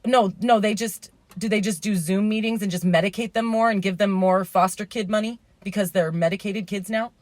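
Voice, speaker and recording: A woman's voice: medium pitch, fairly even intonation, fairly quick, few pauses, dry recording. A woman in her thirties telling a rambling, indignant story as a vlogger, swearing and then apologizing for it.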